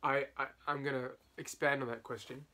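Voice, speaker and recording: A man in his twenties chatting casually with a friend, playful and teasing, with animated asides. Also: mid-range voice, brisk. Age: 20s. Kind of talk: casual chat between friends.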